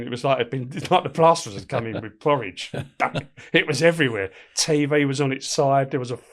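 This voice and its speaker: Middle-aged guy spinning yarns, swears a lot, laughs through it, average pitch. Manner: animated, swears freely, laughs mid-story. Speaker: guest, former prison officer. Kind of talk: casual storytelling in a podcast interview.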